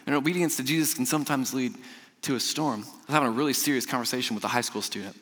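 A young man preaching a casual, storytelling sermon as a youth pastor, chatty and animated, laughing often and stumbling over repeated words. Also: medium pitch, racing. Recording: long hall reverb.

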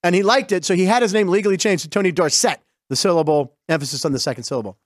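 A middle-aged man from western Pennsylvania hosting a sports show, telling stories over game clips in a chatty, digressive, excited way. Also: high voice, rapid-fire, no echo, clean studio sound.

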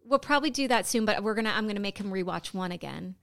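A woman co-hosting a podcast in casual chat, animated and acting out movie lines as she talks. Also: mid-range voice, fast, vocal fry. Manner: animated, quotes movie lines in put-on voices. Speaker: podcast co-host.

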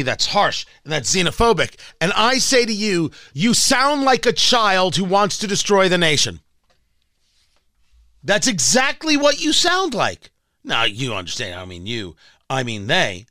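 A man's voice: sits high, pushed and bright, no room sound, studio quality. A man hosting a political talk radio show, delivering a combative, sarcastic monologue with emphatic swings.

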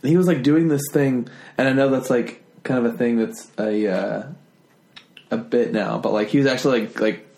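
A man's voice: mid-range voice, moderate pace, creaky, darkish tone. A man hosting a podcast, teasing his guest and rambling through his explanations. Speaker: podcast host. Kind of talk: casual podcast chat.

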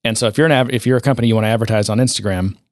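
A man's voice: fairly low pitch, steady tone, racing, a little mellow, no room sound, studio quality. A man co-hosting a casual tech podcast, rambling and sardonic, with many fillers and restarts. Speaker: podcast co-host.

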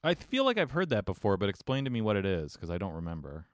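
A man in a casual chat who answers with dry, deadpan teasing. His voice sits somewhat low. The sound is close and dry. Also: quick pace, no room sound. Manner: dry, teasing humor with mock-serious remarks.

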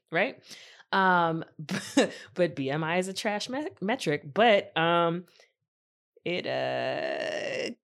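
A woman's voice: on the low side, creaky. A woman co-hosting a casual TV recap podcast, wry and playful, laughing often. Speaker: podcast co-host.

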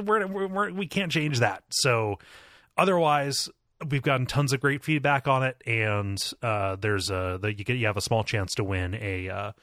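A podcast co-host, a man with a lowish, fairly bright voice, chats casually, rambling with lots of restarts and frequent laughter. The studio-quality recording has no room sound.

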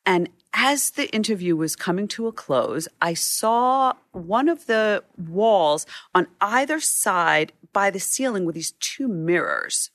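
A woman's voice: mid-range voice, animated, takes it slowly, few pauses, a bit bright, dry recording, clean studio sound. A middle-aged woman, a photojournalist guest, telling vivid stories from her career in an interview. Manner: vivid anecdotal storytelling. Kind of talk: storytelling interview.

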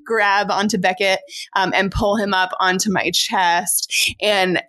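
A woman's voice: mid-range voice, fairly even intonation, measured pace, pushed and bright. Earnest woman recounting a personal story. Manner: reflective, earnest, laughs often. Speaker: podcast co-host, mother. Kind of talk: casual chat, personal storytelling.

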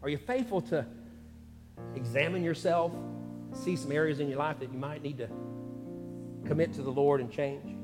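A man preaching as a church pastor, praying and exhorting in an earnest cadence broken by pauses. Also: on the high side. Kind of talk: sermon with spoken prayer. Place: church sanctuary. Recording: reverberant church hall with guitar music underneath. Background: soft guitar music.

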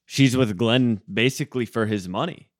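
Casting note: male podcast co-host, measured and explanatory, dry close sound. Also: medium pitch, no room sound. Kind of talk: casual movie discussion.

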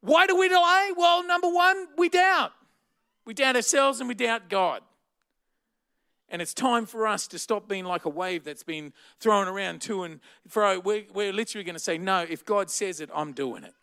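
A middle-aged Australian man delivering a sermon in a high, bright voice. He preaches with energy and humor, and shouts out his key lines for emphasis. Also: moderate pace, vocal fry, clean tone.

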